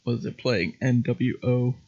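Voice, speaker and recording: A man's voice: medium pitch, measured pace, gravelly, a little mellow. A man hosting a livestream, chatting casually and laughing often while he paints. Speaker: livestream host. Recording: muffled lo-fi stream audio.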